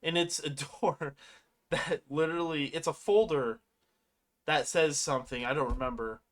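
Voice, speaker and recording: Casual movie recapper, rambling and profane, mid-pitched voice, slips into animated quotes. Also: normal speed. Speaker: movie reviewer.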